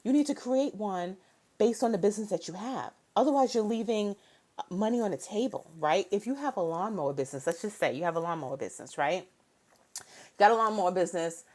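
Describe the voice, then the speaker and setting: A woman's voice: medium pitch, lively intonation, fairly quick, darkish tone. A woman in her thirties hosting a casual motivational live stream from home on a phone mic. She talks animatedly, greets viewers by name and keeps checking in with "right?".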